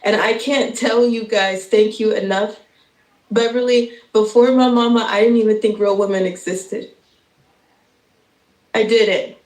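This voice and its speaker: A woman's voice: on the high side, roomy sound, poor audio. A woman in her thirties giving an impassioned speech as a guest on a live stream, emotional and stumbling, with nervous laughs. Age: 30s.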